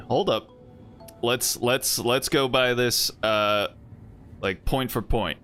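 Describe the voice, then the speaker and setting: A man's voice: mid-range voice, slow, fairly bright tone. A man streaming a game and chatting casually, rambling and joking playfully with viewers. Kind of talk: casual live-stream commentary. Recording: stream with faint game music.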